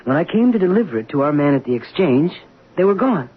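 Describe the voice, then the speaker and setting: A man's voice: fairly high pitch, sing-song, quick pace, husky. An actor playing an anxious young stockbroker who stammers in his own defense, in a 1970s radio drama. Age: young adult. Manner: nervous, stammering. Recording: dull 1970s radio broadcast.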